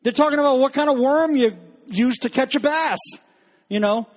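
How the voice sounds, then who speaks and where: A man's voice: extremely high pitch, moderate pace. A man preaching a sermon to a congregation, talking in a conversational, joking way with asides to the listeners. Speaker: pastor.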